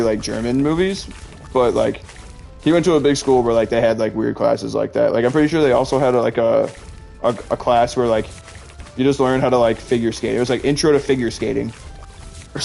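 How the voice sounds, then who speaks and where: A man's voice: mid-range voice, fairly quick, vocal fry, darkish tone. A young man in his twenties chatting casually while gaming, rambling with constant "like"s and frequent laughs. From Illinois, USA. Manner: rambling, heavy use of "like", laughs often. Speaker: gaming streamer. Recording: faint game music behind.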